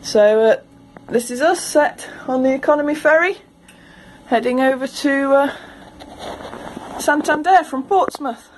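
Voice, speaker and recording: A woman, giving a chatty, animated walk-through of a ferry trip for her travel vlog. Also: high-pitched, low-quality recording. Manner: chatty, animated, quick to laugh. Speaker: travel vlogger. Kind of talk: casual walk-through commentary. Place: ferry car deck and cabin.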